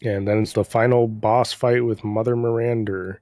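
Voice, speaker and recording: A man's voice: fairly low pitch, level tone, normal speed, a little mellow, no echo. A man casually recapping a game's story in a rambling, profane, sarcastic way. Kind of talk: casual chat.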